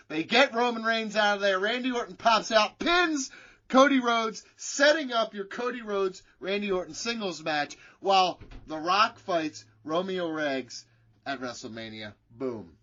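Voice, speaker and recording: A man's voice: sits high, lively intonation, unhurried, bright, forceful tone. A man co-hosting a wrestling podcast, telling a rambling, profane story in casual chat. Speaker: podcast co-host. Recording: dull lo-fi sound.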